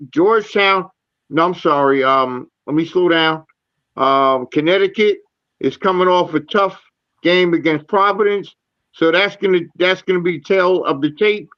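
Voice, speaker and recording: Halting man reading game stats. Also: a little high, lo-fi sound. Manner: halting, many fillers and restarts reading stats. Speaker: show host. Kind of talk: postgame sports talk.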